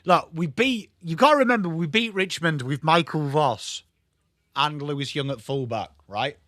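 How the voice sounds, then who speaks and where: A young man hosts a live football watchalong, chatting with viewers by name and swearing freely as he calls the play. His voice sits a little high for a man and has a bright, forceful edge. The sound is close and dry, with almost no room around it. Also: animated, moderate pace, no room sound. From England. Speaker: watchalong host. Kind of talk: casual live football commentary and chat.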